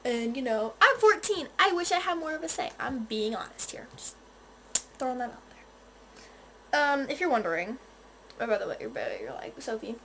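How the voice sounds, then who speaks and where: A woman's voice: high-pitched, animated, moderate pace, long pauses, a bit bright, a little hiss or hum. A fourteen-year-old girl from North Carolina chatting casually while doing her makeup, rambling with lots of restarts and quoted asides, filmed on a phone in her bedroom. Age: teens. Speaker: beauty vlogger. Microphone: phone camera.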